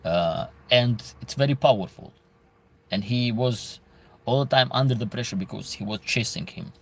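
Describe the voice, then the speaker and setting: His mid-range voice is gravelly and slightly rough, moving at a moderate pace. An emphatic host with an Albanian accent, he answers viewer comments in casual live commentary and repeats phrases for stress.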